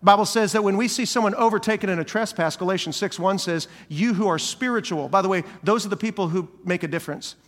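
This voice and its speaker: A man's voice: high voice, fast, hardly any pauses, a bit bright, in a large hall. A male senior pastor giving a sermon, preaching animatedly and acting out the voices of people he quotes.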